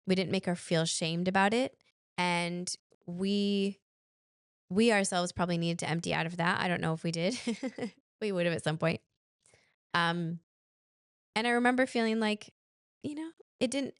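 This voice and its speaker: Woman in her 30s rambling about parenting on her podcast, gravelly voice. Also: fairly low pitch, no echo, studio quality. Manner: chatty, rambling, frequent restarts and fillers. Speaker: podcast host. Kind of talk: casual solo talk on parenting.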